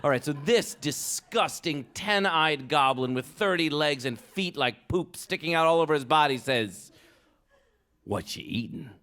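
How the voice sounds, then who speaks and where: A man's voice: fairly high pitch, normal speed, few pauses, a bit bright. A man reading a picture book aloud to children at a live event, playful and asking the kids for details.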